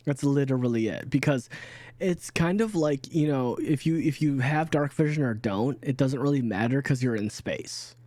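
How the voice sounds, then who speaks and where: A man running a tabletop game as dungeon master, describing scenes with many pauses and fillers. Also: mid-range voice, darkish tone, dry recording. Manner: unhurried, halting, full of fillers.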